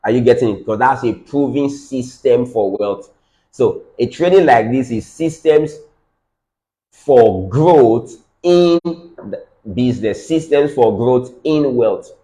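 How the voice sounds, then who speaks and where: A man's voice: mid-range voice, lively intonation, slow, mellow, low-quality recording. A man with a Nigerian accent giving a business training lecture, repeating key phrases for emphasis and checking in with his audience.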